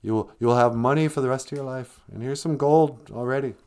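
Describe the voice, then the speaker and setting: A man's voice: mid-range voice, a little fast, a little mellow, pitched above the performer's own voice, natural voice. A man playing Jack as a brash, greedy young man who talks in casual slang. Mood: boastful.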